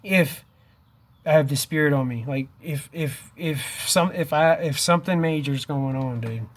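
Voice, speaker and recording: A man's voice: a little high, measured pace. Pleading, emotional man vlogging to camera. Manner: urgent, pleading, repeats "dude" and "man"; emotional and wavering, near tears. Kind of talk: impassioned direct-to-camera vlog.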